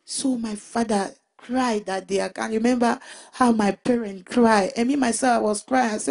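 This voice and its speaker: A woman giving a personal Christian testimony in an emotional, halting way, often restarting and repeating her words. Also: a little high, steady tone, vocal fry, darkish tone. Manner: emotional retelling.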